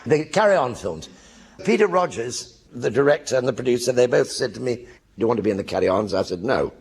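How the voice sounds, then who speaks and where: A man's voice: mid-range voice, lively intonation, fast, gravelly, darkish tone, a little hiss or hum. An older actor telling anecdotes in a one-man stage show in front of a live audience, acting out other people's voices as he goes.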